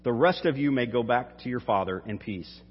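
A man's voice: mid-range voice, animated, moderate pace, husky. A man reading aloud as a stern, powerful ruler giving orders, in a firm, commanding manner. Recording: dull hall reverb.

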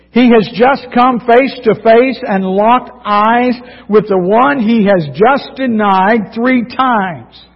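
A man preaching a dramatic sermon, reading scripture and swinging between loud emphasis and hushed moments. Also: high voice, slightly rough. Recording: dull sound with long hall reverb.

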